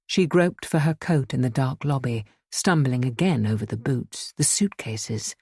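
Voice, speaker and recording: A woman's voice: a bass voice, animated, unhurried, darkish tone, breathy edge, no echo, clean studio sound. A woman reading a horror story aloud as an audiobook narrator, giving the figures their own voices.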